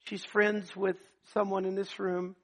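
A man preaching a sermon, telling testimony stories, swinging from loud emphatic passages to hushed ones. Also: high voice, little pitch movement, measured pace.

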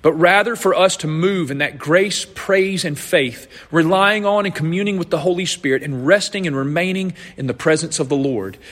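A man's voice: fairly high pitch, normal speed, few pauses, fairly bright tone, long reverb tail. A man preaching a sermon as pastor, earnestly explaining scripture and often restarting his phrases.

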